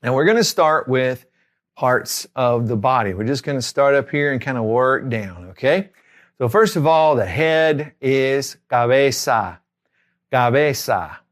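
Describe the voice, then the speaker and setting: Language tutor, man, middle-aged, slow steady delivery, repeats every word twice. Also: mid-range voice. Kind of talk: spoken language lesson.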